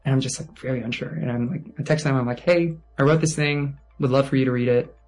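A young man in his twenties tells a personal story in a rambling, animated way, full of "like" and acted-out quotes. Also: mid-range voice, quick pace, faint music behind. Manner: rambling, animated, heavy use of "like".

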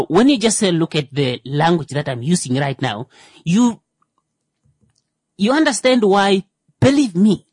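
A woman's voice: sits low, darkish tone, slightly rough, no echo. A woman talking in a rambling, casual monologue, full of fillers, who acts out little quoted exchanges.

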